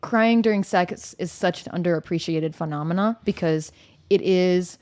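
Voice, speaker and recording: A woman's voice: fairly low pitch, moderate pace, a little mellow. A woman co-hosting a podcast chats frankly and openly. She speaks in an earthy, unfiltered way, drops casual swear words and laughs easily as she talks. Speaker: podcast co-host. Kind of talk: candid conversational chat.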